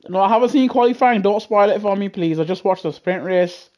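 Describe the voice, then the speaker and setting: A man with a British accent giving chatty, excitable live commentary on a racing game over a headset mic, laughing often and grumbling in mock outrage. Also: high voice, brisk, few pauses. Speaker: gaming streamer. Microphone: gaming headset.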